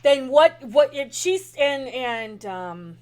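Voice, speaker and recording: Animated woman running a tabletop game. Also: sits high, slow pace. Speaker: game master. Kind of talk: narrating a tabletop role-play.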